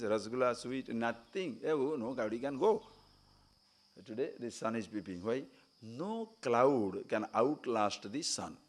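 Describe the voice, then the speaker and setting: Animated man teaching a spiritual talk. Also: medium pitch. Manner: animated storytelling, acting out quoted speakers. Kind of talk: spiritual discourse. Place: retreat camp.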